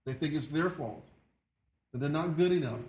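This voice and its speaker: A man's voice: fairly high pitch, a little mellow. Earnest preacher man in an echoey room. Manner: earnest, halting, with many repeated words. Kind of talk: sermon.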